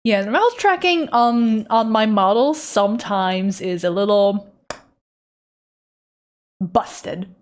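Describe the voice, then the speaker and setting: A woman's voice: mid-range voice, lively intonation, slow, pauses often. Giggly, rambling young woman streamer. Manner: rambling, giggly, self-deprecating. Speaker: art streamer. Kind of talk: casual live-stream chat while drawing.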